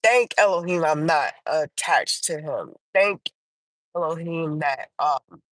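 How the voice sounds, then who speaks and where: With lively intonation, a woman hosts a livestream and tells a personal testimony in a casual way; the recording is rough but has no echo. She halts and restarts a lot, uses many fillers, and voices her own quotes at a higher pitch.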